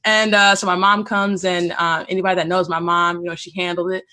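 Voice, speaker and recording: A woman podcast co-host chatting casually, telling stories in a lively, animated way. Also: fairly low pitch, fairly quick. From Maryland, US. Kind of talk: casual conversation.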